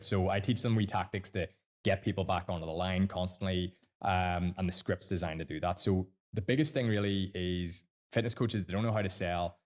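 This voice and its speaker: Northern Irish man, deep voice, quick and blunt, sweary mentor type. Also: steady tone. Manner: blunt, sweary, fast-talking. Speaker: sales mentor guest. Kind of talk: casual podcast chat.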